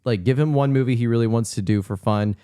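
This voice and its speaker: A man co-hosting a film podcast, talking casually in a rambling, halting way with many restarts. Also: mid-range voice, mellow, clear, resonant tone, no echo, clean studio sound. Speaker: podcast co-host.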